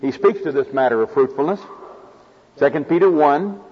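Folksy Oklahoma preacher, raised pitch. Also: male voice, animated, moderate pace, breathy edge. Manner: folksy, homespun delivery with farm stories. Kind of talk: sermon. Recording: dull lo-fi recording in a reverberant hall.

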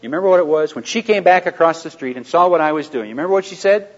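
Man, seminar speaker, live audience, conversational, rhetorical questions, quiet asides, lo-fi recording. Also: a little high, lively intonation, very fast. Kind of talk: anecdotal teaching to a live audience. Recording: dull lo-fi recording.

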